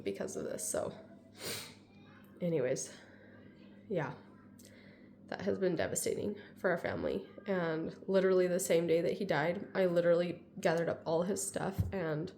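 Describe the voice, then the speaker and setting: A woman's voice: lowish voice, creaky, a little mellow, a little hiss or hum. A woman in her thirties sharing a casual personal vlog, rambling with lots of "like", sounding emotional and close to tears. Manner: rambling, heavy use of "like", tearful. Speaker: vlogger.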